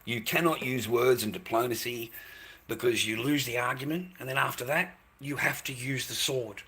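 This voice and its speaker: A man's voice: mid-range voice, normal speed, sharp tone, breathy edge. An Australian man on a livestream, delivering a crude, rambling rant full of swearing and repeated phrases.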